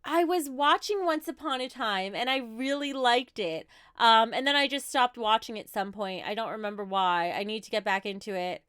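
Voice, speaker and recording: A woman's voice: on the high side, normal speed, few pauses, fairly bright tone, smooth, dry recording, clean studio sound. A woman in her thirties with a New Jersey accent, chatting casually on a livestream as she answers viewer questions with light laughs. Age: 30s.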